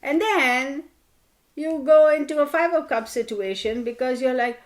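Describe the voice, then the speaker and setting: A woman's voice: high-pitched, a little slow. Chatty woman reading tarot cards. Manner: animated, chatty, playfully scolding. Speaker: tarot reader. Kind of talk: casual tarot card reading to camera.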